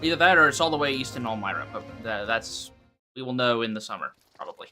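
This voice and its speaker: A man's voice: medium pitch, lively intonation, fast, pushed and bright, faint music behind. A man streaming a game and making joking, sarcastic asides as he plays. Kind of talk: casual gameplay commentary.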